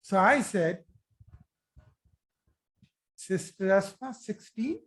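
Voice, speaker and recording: A teacher giving a live online grammar lesson, explaining slowly and repeating forms, checking with students by asking questions. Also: female voice, medium pitch, animated. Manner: slow, repetitive explaining, asks students questions.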